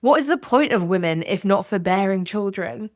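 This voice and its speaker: A woman's voice: medium pitch, expressive, normal speed, dry recording, studio quality. A woman hosting a podcast, narrating in a candid, conversational way. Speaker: podcast host. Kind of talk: scripted narration.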